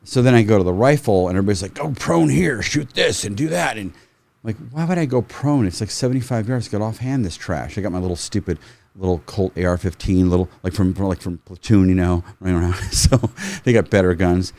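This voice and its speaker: A middle-aged man, a firearms trainer, telling stories in a casual, animated way, swearing freely and acting out quotes. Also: low-pitched, fast. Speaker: firearms trainer, podcast guest. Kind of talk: casual storytelling.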